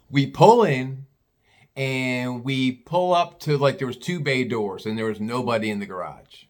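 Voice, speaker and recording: A man's voice: mid-range voice, fairly bright tone. A man telling a casual personal story, rambling with many restarts and blunt swearing.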